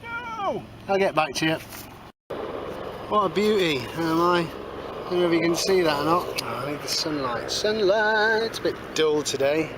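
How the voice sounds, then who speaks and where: A slightly high-voiced man vlogs while metal detecting in a field, talking through his finds at a moderate pace. He's casual, chatty and cheeky, full of little asides and fond of saying "moving on," with outdoor noise running clearly underneath.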